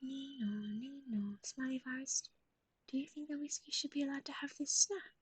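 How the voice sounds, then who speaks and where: A woman hosting a pet livestream in a whispered voice, cooing soft baby talk to her animal while chatting with viewers. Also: high voice, little pitch movement, a little fast. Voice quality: breathy whisper. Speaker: livestream host.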